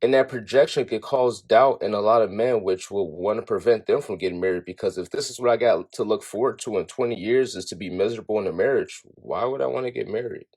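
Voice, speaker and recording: A man's voice: on the low side, quick pace, hardly any pauses, a little mellow, slightly rough. A man giving frank, opinionated commentary on relationships in a casual, conversational way. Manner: frank, opinionated, talking straight to camera.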